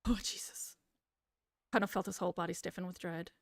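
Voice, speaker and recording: Woman with a soft soothing reading voice. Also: on the low side, little pitch movement, rapid-fire, gravelly, no room sound. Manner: casual, swearing asides. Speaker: streamer reading a game aloud. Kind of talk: reading a visual novel aloud with chat.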